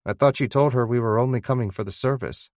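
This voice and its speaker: A man's voice: medium pitch, fast talker, darkish tone, no echo, clean studio sound, close to an everyday voice. A man narrating an audiobook, voicing a courteous man speaking politely on a phone call.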